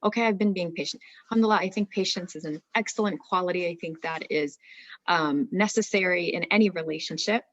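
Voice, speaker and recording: A woman's voice: lowish voice, fairly quick, a bit bright, no echo, muffled recording. A woman therapist giving an earnest talk on marriage, explaining with many rhetorical questions.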